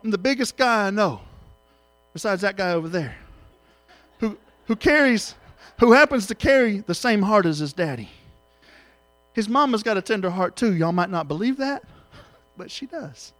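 A middle-aged man preaching an emotional sermon, swinging between loud exhortation and hushed tenderness. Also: sits high, expressive, normal speed, no echo, faint music behind.

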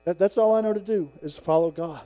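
A man preaching a sermon, swinging between fervent, emphatic peaks and quiet, folksy personal storytelling with asides to the congregation. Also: fairly quick, no echo. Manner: fervent, swelling to emphatic peaks then dropping low.

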